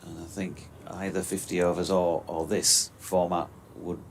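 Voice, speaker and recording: Relaxed man on cricket commentary. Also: low-pitched, unhurried, gravelly, a little hiss or hum. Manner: relaxed, chatty, dry quips.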